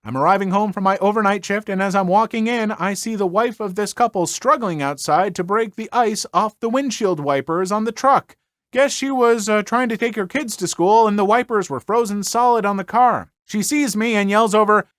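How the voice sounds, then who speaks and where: A man from northern Minnesota reading online stories aloud and breaking off for animated, jokey commentary as a podcast host. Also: sits high, fairly quick, dry recording, clean studio sound. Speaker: story narrator and podcast host.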